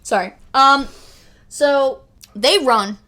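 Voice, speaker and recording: A woman co-hosting a casual movie review podcast. Her voice sits a little high, and she retells the plot in a loose, chatty way. She often breaks into laughter and swears freely. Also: extremely slow, sharp tone. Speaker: podcast co-host.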